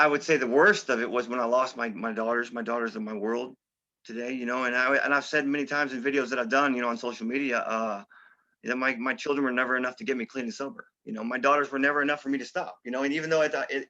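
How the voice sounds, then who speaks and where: Fast, bright-voiced man telling his story. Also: mid-range voice. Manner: conversational, peppered with "you know" and "okay?"; street-style slang. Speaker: interview guest. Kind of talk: candid recovery story. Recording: slightly dull, lo-fi audio.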